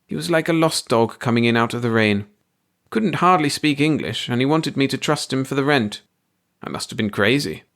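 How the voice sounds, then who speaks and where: A man's voice: medium pitch, moderate pace, fairly bright tone, voice pushed up, lightly acted. A man voicing a middle-aged landlady who chats in a gossipy, fretful way. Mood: reminiscing.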